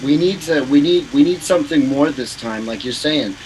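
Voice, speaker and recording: A man with a slightly raised pitch talks earnestly as a podcast guest, restarting phrases as he looks for words. Faint background noise runs under his voice. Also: moderate pace, a little mellow, low-quality recording. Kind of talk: casual chat.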